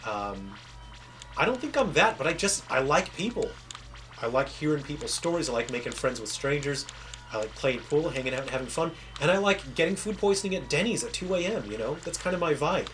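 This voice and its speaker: Speaking a little fast over soft background music, this male game developer's mid-range, fairly bright voice swings widely in pitch. He has a faint Southern American accent and talks casually to his livestream audience like a rambling storyteller who keeps cutting himself off and starting sentences over.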